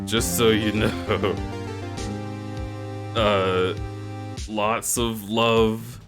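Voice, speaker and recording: A man's voice: fairly low pitch, level tone, drawn-out words, a bit bright. A man live-streaming a video game, chatting with his viewers in a goofy, teasing way. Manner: goofy, teasing, talks to chat. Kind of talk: casual live-stream chat while playing. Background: game music.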